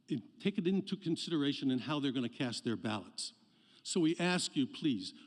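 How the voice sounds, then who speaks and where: A man giving a live address to a hall audience before a debate, speaking loosely with many fillers and restarts. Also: mid-range voice. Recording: long hall reverb.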